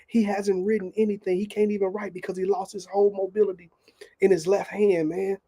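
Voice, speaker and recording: A man who is a guest author, telling a faith testimony as an animated storyteller with casual slang. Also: sits high, fairly quick.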